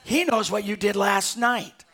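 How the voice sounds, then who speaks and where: An older man, a pastor delivering a sermon to a live congregation, moving between quiet, slowed passages and loud, urgent appeals. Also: sits high. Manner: swings from hushed to loud and urgent.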